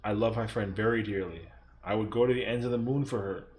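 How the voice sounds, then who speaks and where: A man's voice: on the low side, fairly even intonation, quick pace, a little mellow. A young man chatting casually on a stream, rambling, swearing freely and acting out other people's lines in exaggerated voices.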